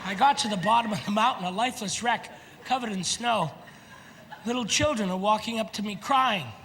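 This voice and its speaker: A man doing a stand-up comedy routine, animated and shouting his punchlines. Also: sits high, a little fast, a little hiss or hum. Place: large theater stage before a live audience. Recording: live hall recording with loud crowd laughter. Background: audience laughter.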